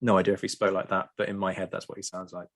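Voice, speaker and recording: Low-voiced man explaining history. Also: racing. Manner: lively, ranting, frequent ums. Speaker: podcast co-host. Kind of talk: explaining history in casual chat.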